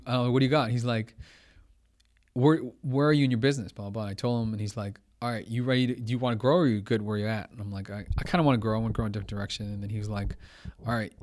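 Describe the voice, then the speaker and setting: A young man, a podcast guest, telling a story in casual chat, animated and acting out what others said. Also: mid-range voice. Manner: animated, quotes others, says blah blah.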